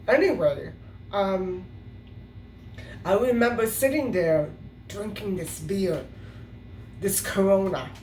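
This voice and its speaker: A woman's voice: medium pitch, slight background noise. Rambling woman vlogger, roomy and distant. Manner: rambling, with many fillers and restarts. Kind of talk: casual storytime monologue.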